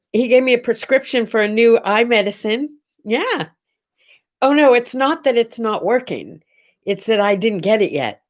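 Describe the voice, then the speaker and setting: A middle-aged woman hosting a casual live morning chat, rambling and greeting viewers by name. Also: a little high. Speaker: host.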